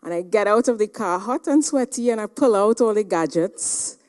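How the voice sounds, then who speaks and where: A woman giving a motivational seminar talk, telling a personal story in a dramatic, animated way. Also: medium pitch, moderate pace. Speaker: seminar speaker.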